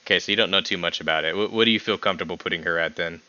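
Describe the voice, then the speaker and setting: A young man with a fairly low voice chats casually as a podcast host on a home stream. He teases his guest, laughs a lot, and his pitch leaps up when he gets excited. The sound is bright and dry but a bit dull and lo-fi. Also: very fast. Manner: animated, teasing, laughs often, jumps in pitch when excited. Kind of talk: casual chat ranking characters with a guest.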